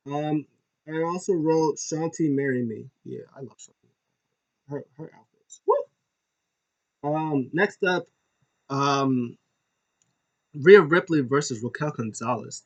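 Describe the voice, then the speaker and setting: A man hosting a casual recap show. He rambles with lots of fillers and restarts, and he sounds like an enthusiastic fan. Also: medium pitch. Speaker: podcast host.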